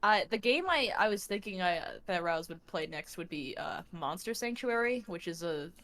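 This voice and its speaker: Friendly, halting female co-host. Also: fairly low pitch, expressive, fairly bright tone. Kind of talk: casual stream chat.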